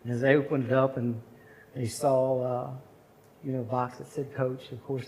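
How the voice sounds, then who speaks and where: A man's voice: medium pitch, little pitch movement, moderate pace, a little mellow, a little hiss or hum. A man speaking at a chapel service, telling a personal story in an earnest, conversational sermon.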